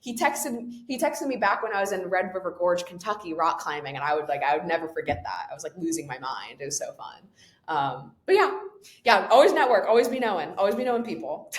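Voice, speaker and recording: A young woman guesting on a podcast, chatting in a bubbly, quick way, laughing often and saying "like" a lot. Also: animated. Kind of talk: casual chat. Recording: echoey room with faint rumble.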